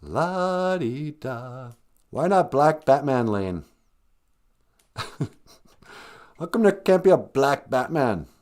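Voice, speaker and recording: A man's voice: medium pitch, big pitch swings, slow pace, pauses often, darkish tone. A man hosting a comedy podcast, rambling sarcastically with mumbled asides. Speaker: podcast host.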